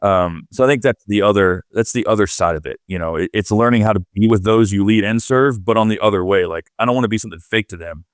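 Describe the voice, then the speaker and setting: Lower-voiced guy co-hosting a podcast, thinks out loud, loose and chatty, dry sound. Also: quick pace, few pauses, no room sound. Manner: thoughtful, loose and conversational, many fillers. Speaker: podcast co-host. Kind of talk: leadership podcast conversation.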